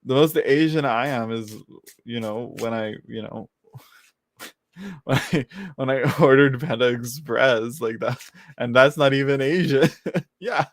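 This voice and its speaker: Answering viewers during a casual tarot live stream, a man chats and giggles, frequently trailing off and restarting his sentences. His medium-pitched voice is recorded with no echo.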